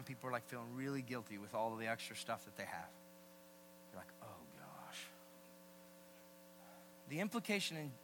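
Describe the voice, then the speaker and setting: A man preaching a sermon as a pastor, emphatic and animated, swinging between loud emphasis and hushed asides. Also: medium pitch. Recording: long hall reverb with faint mains hum.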